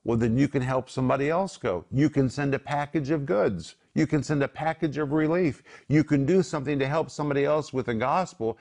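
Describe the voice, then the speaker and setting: A man gives Bible teaching on a Christian broadcast, pressing his points with an emphatic, preacher's rhythm. His voice sits at an ordinary middle pitch for a man. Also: a little fast, creaky, few pauses, a little mellow. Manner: emphatic preaching cadence, quotes scripture. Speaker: co-host of a Christian TV program.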